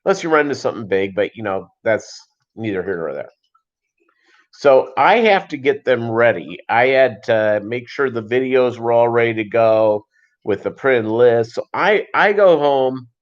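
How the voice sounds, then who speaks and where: A man's voice: mid-range voice, expressive, moderate pace, lo-fi sound. A middle-aged man hosting a livestream, telling a long story in a loose, rambling way with many restarts and asides. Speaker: livestream host.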